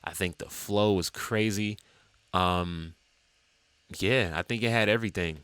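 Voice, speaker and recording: A man musician talking casually to camera about his songs, rambling with many fillers and sudden jumps up in pitch. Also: a little slow, fairly bright tone, clear, resonant tone, dry recording. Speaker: musician and TikTok creator.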